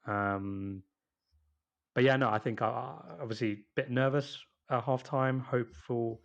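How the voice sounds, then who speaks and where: A man's voice: medium pitch, unhurried, vocal fry, highs cut off. A young man co-hosting a football podcast, speaking hesitantly with many you-knows and restarts. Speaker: podcast co-host. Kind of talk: casual football chat.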